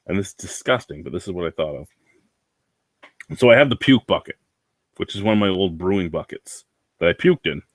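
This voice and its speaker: A man's voice: sits low, fairly quick, long pauses, no echo. A man ranting in a casual vlog, rambling, swearing and sounding anxious. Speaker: vlogger.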